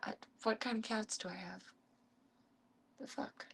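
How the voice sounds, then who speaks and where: Chatty young woman with a gravelly voice. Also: measured pace, fairly bright tone, a little hiss or hum. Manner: chatty, talks to her pets in a high coaxing voice. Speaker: streamer. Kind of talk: casual chat while feeding pets.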